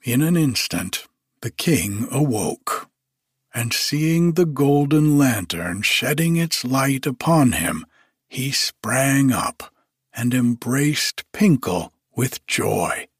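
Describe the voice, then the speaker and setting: A man reading a fairy tale aloud as narrator in a slow, measured storybook style. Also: medium pitch, expressive, husky, dry recording, studio quality.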